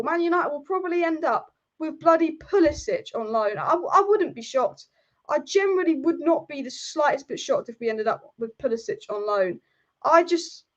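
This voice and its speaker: A woman's voice: high-pitched, highs cut off. A woman hosting a football live stream, furious and exasperated, repeating herself as she rants. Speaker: football channel host.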